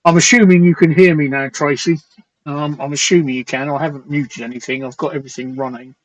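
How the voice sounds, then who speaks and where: A man hosting a late-night live stream chat, slightly hoarse, rambling and crude as he reads out viewer comments. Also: on the high side, fairly even intonation, fast, rough recording. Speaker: talk show host.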